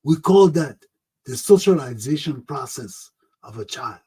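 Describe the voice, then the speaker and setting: A man's voice: medium pitch, lively intonation, measured pace, warm tone, slightly rough, rough recording. A man hosting a talk show, telling a childhood story with a lot of feeling and teaching a parenting lesson, often exclaiming "oh, man".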